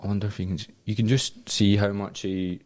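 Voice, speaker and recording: A man's voice: on the low side, flat delivery, fairly quick, a little mellow, dry recording. A Scottish man in his twenties telling a story in casual podcast chat, swearing freely and laughing at his own tale. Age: 20s. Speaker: podcast co-host.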